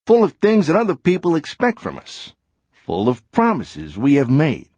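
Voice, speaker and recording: A man's voice: a little high, huge pitch swings, normal speed, a little mellow, dry recording, heavily acted. A man voicing a sighing cartoon word character. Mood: confiding. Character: chatty male cartoon word, weary of duties. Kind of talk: educational cartoon narration.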